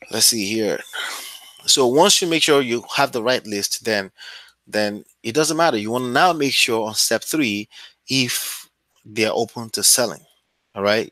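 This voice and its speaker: Man, coaching talk, casual and conversational, mid-pitched voice, dry close sound. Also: pushed and bright, dry recording. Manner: loose and conversational, often checks in with "right?" and "okay?". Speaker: real estate wholesaling coach.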